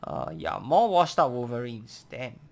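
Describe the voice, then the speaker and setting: A man's voice: medium pitch, unhurried. A tired man giving casual, sarcastic gameplay commentary while playing and reading game dialogue aloud. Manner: relaxed, dry and sarcastic. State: tired, yawning.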